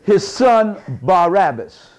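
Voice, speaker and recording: Man with a high voice, fiery preacher-style lecturer, folksy and emphatic. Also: sing-song, slow pace. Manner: preacherly, rising to shouted emphasis; folksy, colloquial, with double negatives. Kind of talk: impassioned lecture to a live audience.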